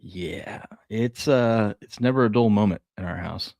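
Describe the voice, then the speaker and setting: A man's voice: fairly low pitch, measured pace, gravelly, a little mellow, dry recording. A man in his thirties, a co-host, casually chatting and telling family stories with plenty of laughs. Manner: laid-back storyteller, laughs a lot. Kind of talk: casual sports show chat.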